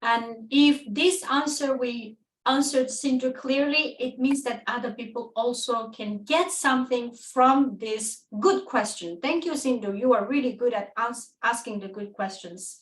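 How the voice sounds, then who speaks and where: Enthusiastic high-voiced woman hosting a webinar. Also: unhurried, few pauses, echoey room, far from the mic, poor audio. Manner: enthusiastic, acts out quoted dialogue, laughs often. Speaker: webinar co-host. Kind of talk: webinar talk.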